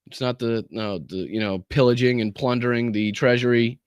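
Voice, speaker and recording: A man's voice: medium pitch, moderate pace, clear, resonant tone, dry recording, clean studio sound. A man hosting a political podcast livestream, talking casually and sarcastically, swearing and thanking viewers by name. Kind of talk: livestream commentary.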